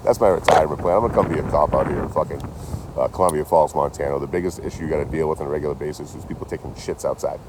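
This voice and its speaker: A man with a low, deep voice rattles off a story at a quick clip, swearing freely and acting out both sides of each conversation. He records on a phone outdoors, with a faint wash of outdoor ambience behind him. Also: background noise. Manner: rambling, profane, animated retelling with quoted dialogue. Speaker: vlogger. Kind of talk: casual storytelling vlog. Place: outdoors near trees and a road. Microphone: handheld phone.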